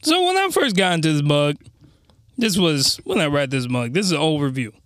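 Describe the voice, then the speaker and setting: A man giving a casual, slangy review monologue, animated and given to ranting. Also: a little high, a little fast, no room sound, studio quality. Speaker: anime reviewer.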